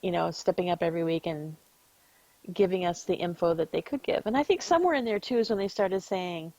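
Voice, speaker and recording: A woman co-hosts a podcast with a lowish voice and a gravelly texture. She talks in measured, even-handed casual chat with a few small fillers. The recording is dry and close. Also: no echo, highs cut off. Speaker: podcast co-host.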